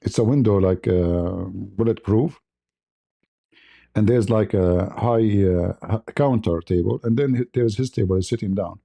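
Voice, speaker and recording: Dark-voiced man telling a laughing anecdote. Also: fairly low pitch, a little slow, gravelly. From Middle East. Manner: chuckles often while telling, broken conversational English. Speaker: channel host. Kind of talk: livestream storytelling.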